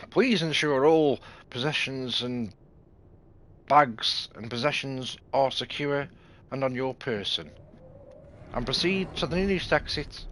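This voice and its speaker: A British man putting on the voice of a train conductor making a slow, formal announcement. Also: mid-range voice, fairly bright tone.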